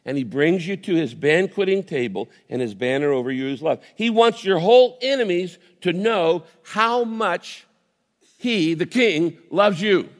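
A man preaching a sermon as a pastor, telling a vivid story with swings between lively and soft intimate tones. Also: sits high, a little slow, long reverb tail.

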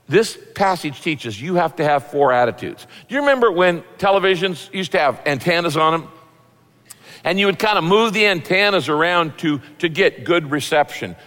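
A pastor preaching a sermon in a relaxed, folksy, conversational way, acting out little quotes as he goes. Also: on the high side, in a large hall.

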